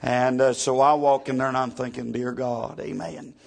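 A man's voice: mid-range voice, flat delivery, moderate pace, gravelly. A man, a pastor telling a story from the pulpit and dropping "amen" after nearly every line. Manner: testimony peppered with constant "amen". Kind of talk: storytelling sermon.

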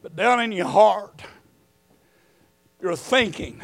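A middle-aged man preaching a sermon, moving between quiet storytelling and shouted emphasis. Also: sits high, animated, a little slow, dry recording.

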